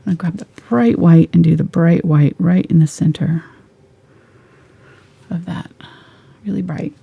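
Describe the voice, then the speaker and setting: A woman giving a live painting lesson, chatty and relaxed, sometimes dropping into soft whispers as she works. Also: fairly low pitch, measured pace, vocal fry, breathy edge, phone-quality sound. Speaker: painting instructor.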